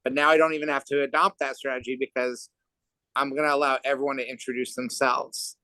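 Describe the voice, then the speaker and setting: A man's voice: medium pitch, little pitch movement, quick pace, sharp tone, dry recording, low-quality recording. A man moderating a panel over a video call, rambling with wry, self-deprecating asides.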